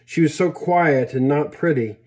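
A man reading a story aloud in a plain, unhurried way with small slips and restarts. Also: a little high, a little mellow. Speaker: reader.

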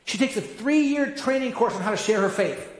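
A man preaching a sermon as a guest speaker, telling stories in an energetic, animated way. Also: sits high, moderate pace. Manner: energetic, animated storytelling with rising emphatic peaks. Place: church sanctuary. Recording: echoey church hall.

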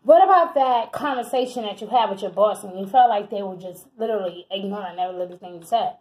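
A woman giving a casual tarot reading, animated and chatty, who swears freely and calls the listener honey and baby. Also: mid-range voice, fast, poor audio. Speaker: tarot reader.

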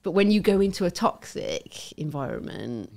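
A woman's voice: fairly low pitch, big pitch swings, moderate pace, a little mellow. A woman talking as a podcast guest in casual chat, with lots of "yeah" and "like" fillers.

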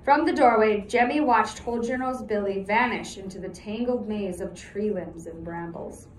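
A woman teacher reading a novel aloud to her class, steady and pausing to check in with listeners. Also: medium pitch, roomy sound, slight background noise, rough recording.

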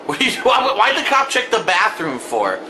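Excitable, crude male game commentator. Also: high-pitched, normal speed, slight background noise. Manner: loud, excitable, crude and mocking. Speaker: gameplay commentator. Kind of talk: crude live gameplay commentary.

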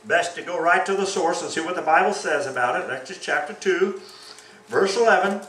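A man preaching a sermon as pastor, reading scripture aloud and acting out the quoted lines with animated delivery. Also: sits high, fairly quick, reverberant, distant mic, slight background noise, poor audio.

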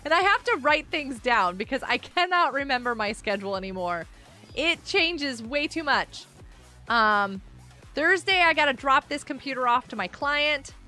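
Soft background music plays as a woman streams a game live, reading her chat's messages aloud and chatting casually. Her voice is high, bright and clear, leaping around wildly at normal speed, and she bursts out excitedly now and then.

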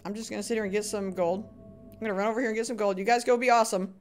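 A woman's voice: mid-range voice, steady tone, rapid-fire, darkish tone, soft background music. A woman livestreaming a video game, chatting with viewers, laughing often and calling them sweetheart and buddy. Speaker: gaming livestreamer. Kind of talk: live game commentary and chat.

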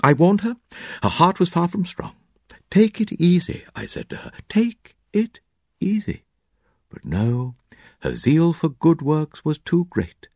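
A man's voice: fairly high pitch, sing-song, no echo, studio quality, pitched above the performer's own voice, heavily acted. Man voicing a fussy, portly little country doctor. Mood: pompous sorrow. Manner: slow, murmuring, self-important.

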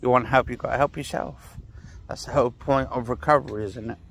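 A man's voice: mid-range voice, steady tone, brisk, gravelly, a bit bright, slight background noise. A man rambling and ranting sarcastically while he walks outdoors, swearing and sighing as he talks. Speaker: vlogger. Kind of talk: casual ranting walking vlog. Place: outdoors on a walk.

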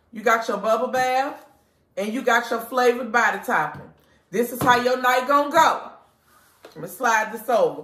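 A woman who owns a lingerie store, doing a casual live product pitch to her customers, blunt, profane and preachy. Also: bright, forceful tone, roomy sound. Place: inside her shop.

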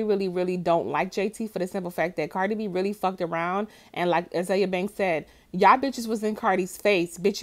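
A woman from Florida giving a blunt, profane, heated reaction rant in casual talk. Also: medium pitch. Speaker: commentary vlogger.

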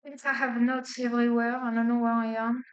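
Brisk and a little high, with little pitch movement, a woman's voice explains physics step by step in a classroom lecture, checking in often with "okay?" and "right?" Her English has a non-native accent. The sound is lo-fi and echoes like a lecture hall.

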